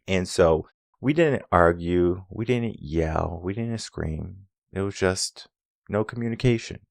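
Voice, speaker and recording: A man with a very deep voice talks through relationship advice as a coach. The sound is dry and close. He drives his points home with rhetorical questions and acts out snippets of dialogue. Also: a little slow, creaky, no echo. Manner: acts out quoted dialogue in an animated way. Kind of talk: solo advice talk.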